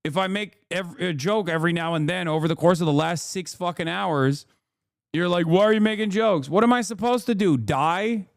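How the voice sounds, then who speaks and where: A man's voice: high-pitched, moderate pace, dry recording. A man in his thirties doing live political commentary as a streamer, sarcastic and profane, ranting on a close mic.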